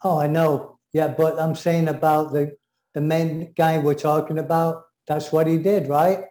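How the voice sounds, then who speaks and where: An English man co-hosting a casual chat, rambling and enthusiastic, often leaving sentences unfinished. His voice sits a little high but sounds mellow and dark. The room around him is noticeably echoey. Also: flat delivery, measured pace. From England. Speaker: co-host.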